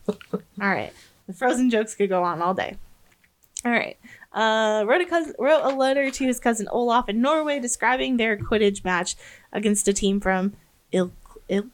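A woman's voice: fairly high pitch, normal speed, long pauses. An American woman co-hosting a podcast in casual chat, laughing often and stumbling when she reads aloud. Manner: giggly, stumbles while reading aloud. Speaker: podcast co-host.

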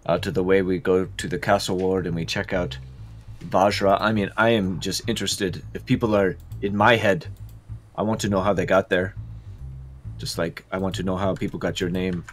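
Low-voiced man planning the party's route. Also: level tone, normal speed, soft background music. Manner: decisive, plans out loud, steers the group. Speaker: player. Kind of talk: casual tabletop role-play.

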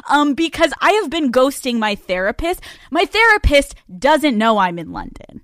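A fairly high-voiced woman in her twenties hosts her podcast with brash, profane, self-mocking storytelling. Her voice sits close and dry on the microphone, with no room around it. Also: sing-song, moderate pace, a bit bright, dry recording. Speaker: podcast host. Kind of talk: casual comic monologue. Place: hotel room. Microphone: studio microphone.

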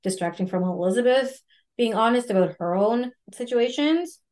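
A woman's voice: a little high, expressive, normal speed, darkish tone. A woman co-hosting a podcast, talking in a loose, chatty way and leaning on "like" as she retells a story. Her tone is breezy and comedic. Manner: chatty, peppered with "like". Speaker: podcast co-host. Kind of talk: casual comedic book recap.

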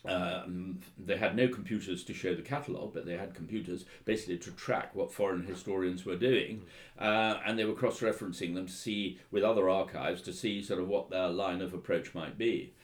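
A man's voice: sits low, steady tone, fairly quick. A man, a historian and author, telling anecdotes in an interview, hesitant with many fillers and restarts, and wryly amused. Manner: hesitant, full of ums and restarts, wry.

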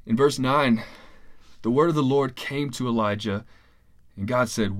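A man's voice: mid-range voice, a little slow. A man preaching a sermon in an earnest, conversational way, often repeating words as he goes. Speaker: pastor.

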